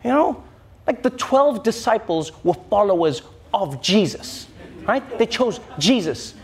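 A man delivering a comedy monologue as host, animated and mocking, slipping into shrill impressions. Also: a little slow. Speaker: late-night comedy host. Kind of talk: stand-up style monologue.

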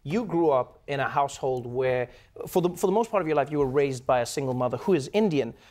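A man's voice: mid-range voice, lively intonation, fast talker, darkish tone. A man hosting a late-night talk show in a studio, interviewing a guest playfully with frequent restarts. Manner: playful, stumbling over restarts. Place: television studio with live audience.

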